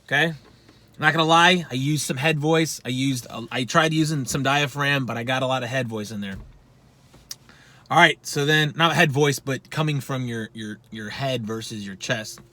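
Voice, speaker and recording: Bright and forceful, at medium pitch and normal speed, this man runs an informal vocal lesson. He's a singing teacher who curses freely, speaks plainly and jokes at his own expense.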